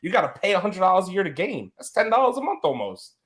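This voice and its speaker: A man co-hosting a casual podcast. He talks in an animated, laughing way, and his voice is bright and swings through a wide pitch range. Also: fast, slight background noise. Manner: animated, laughs often, lively storytelling. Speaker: podcast co-host.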